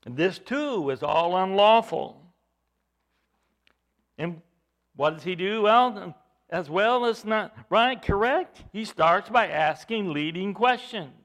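A man preaching a sermon, telling the story dramatically with rhetorical questions, swinging from loud emphasis to hushed tones. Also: high voice, expressive, slow pace.

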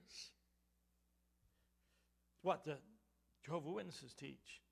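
High, gravelly-voiced preacher man. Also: fairly bright tone. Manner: emphatic, rising in pitch and volume on key points; halting restarts and repeated words. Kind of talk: sermon.

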